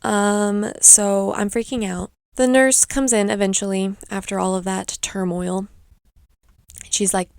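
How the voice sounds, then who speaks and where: A woman's voice: medium pitch, level tone, measured pace, vocal fry, darkish tone, clean tone, dry recording. A young woman hosting a podcast, rambling through a chatty story in a casual way. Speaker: podcast host. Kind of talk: casual chat.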